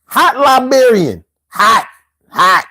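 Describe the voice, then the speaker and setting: A man's voice: very high-pitched, big pitch swings, slow, bright, forceful tone. A man hosting a casual live show, telling stories in loose slang and laughing often. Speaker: show host.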